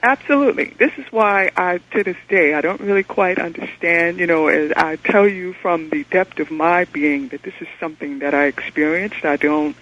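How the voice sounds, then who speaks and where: A man calling in to a radio talk show, telling his story in an earnest, excitable way over the phone. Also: fairly high pitch, normal speed, few pauses. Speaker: caller. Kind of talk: call-in storytelling. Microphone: telephone. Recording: muffled phone line.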